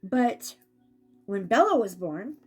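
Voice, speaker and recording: A woman giving a casual spiritual reading as an intuitive reader, chatty and animated when she acts out what spirits say. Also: mid-range voice, slow, slightly rough, faint music behind.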